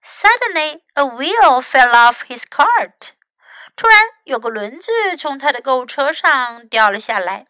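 A woman English teacher reading a bilingual storybook aloud in an expressive, animated way. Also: sits high, measured pace, no echo, low-quality recording.

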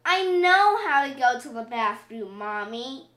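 A spirited little girl pig from a storybook, as a woman reads her, sly and sure of herself. The voice is high, bright and bouncy. It sits in a roomy, echoing space. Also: sing-song, unhurried. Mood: excited, sly. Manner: bright, sly and self-assured. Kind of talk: storybook reading. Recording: roomy echo.

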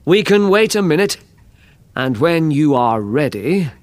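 A man voicing a calm, confident, kindly detective in an audiobook, speaking gently and reassuringly. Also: fairly high pitch, measured pace, voice pushed up. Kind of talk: audiobook character reading.

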